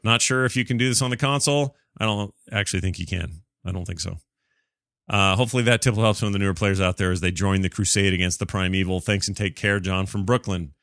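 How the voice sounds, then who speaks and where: A man with a fairly low voice hosts a casual solo gaming podcast, reading out listener emails and riffing on them. He rambles and restarts, pokes fun at himself, and sounds close to the mic in a dry, dead room. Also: fast talker, fairly bright tone, no echo. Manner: chatty, self-deprecating, rambling with restarts. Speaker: podcast host.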